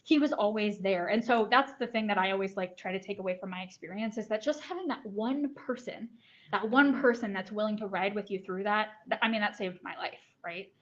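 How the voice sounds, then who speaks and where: A woman's voice: medium pitch, a little fast. A woman telling her personal story at a talk, earnest, with many ums and likes. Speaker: guest speaker. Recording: dull lo-fi recording.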